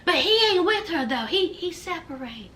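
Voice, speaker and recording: A woman voicing a spaced-out young woman who murmurs and trails off, very softly. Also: very high voice, lively intonation, normal speed, slight background noise. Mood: dazed.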